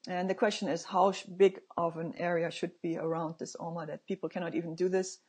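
A woman advocating for marine conservation, explaining proposed rules to viewers in a halting, informal way with frequent filler sounds and plain personal opinions. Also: fairly low pitch, flat delivery, darkish tone, slightly rough.

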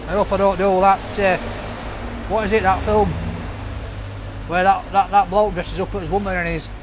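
A man chats to camera outside a takeaway, cracking jokes at his cameraman. His voice sits high for a man. Faint street noise hums behind him. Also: flat delivery, normal speed. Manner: jokey, banters with his cameraman. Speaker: takeaway food reviewer. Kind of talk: casual vlog chat to camera.

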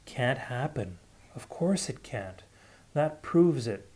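A man's voice: mid-range voice, very animated, slow pace, a little mellow. A man voicing a stunned man murmuring denials. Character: shaken man in disbelief, haunted and desperate.

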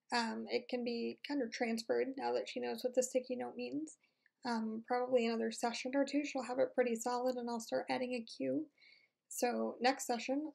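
A woman narrating a dog training lesson in a steady, explaining voice-over. Her voice sits fairly high and carries a heavy gravelly fry. She keeps an even, level delivery with frequent fillers. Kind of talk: instructional voice-over.

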